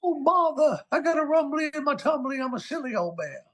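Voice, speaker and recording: Man putting on a gentle silly bear voice, much higher than his own, soft, dopey, sing-song, a touch distant. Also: big pitch swings, fairly quick, heavily acted.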